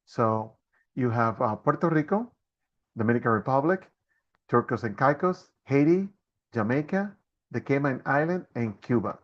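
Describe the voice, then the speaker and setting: A man's voice: mid-range voice, expressive, normal speed, lo-fi sound. A man hosting a live online Q&A about a trip, talking with many fillers and restarts. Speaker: host and trip organizer.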